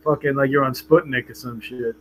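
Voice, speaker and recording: A man's voice: mid-range voice, fairly even intonation, a little fast, a crowd in the background. A man on a casual panel podcast who teases the others with crude slang. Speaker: panel guest. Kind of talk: casual panel chat over an online call.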